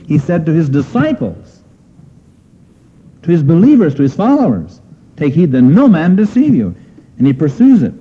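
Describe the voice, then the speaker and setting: A man's voice: a little high, huge pitch swings, moderate pace, pauses often, breathy edge. A man preaching a sermon in an earnest manner, asking his listeners questions and pressing on key phrases. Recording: dull lo-fi sermon recording.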